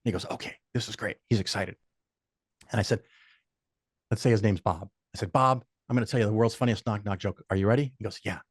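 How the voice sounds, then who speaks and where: A man's voice: on the low side, fast talker, breathy edge, no room sound, studio quality. An older man, a podcast guest, telling stories in casual chat with frequent swearing and quoted voices. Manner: profane, animated anecdotes with quoted voices.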